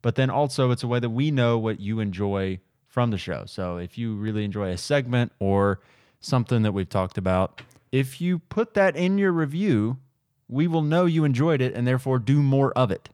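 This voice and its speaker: Male podcast host, mid pitch, laughs a lot, rambles, dry sound. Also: moderate pace, a little mellow, clear, resonant tone, dry recording. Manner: laughing easily, rambling with restarts. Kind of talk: casual chat.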